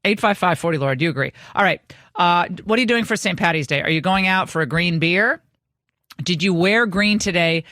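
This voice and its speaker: A woman's voice: lowish voice, normal speed, a bit bright, no echo. Woman talk host, punchy and dry, teasing and opinionated. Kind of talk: opinionated talk radio monologue and chat.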